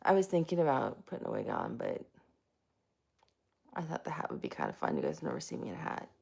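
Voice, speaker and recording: Woman host, casual live chat, deep with some fry, lively and giggly, greets viewers by name. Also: brisk. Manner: self-mocking and giggly.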